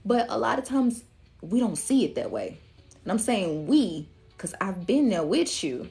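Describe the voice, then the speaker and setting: Soft music plays under a woman's mid-range voice as she leads a collective tarot reading for her viewers at a slightly slow pace. Her tone is casual, slangy and animated, and she voices the viewers' inner thoughts aloud.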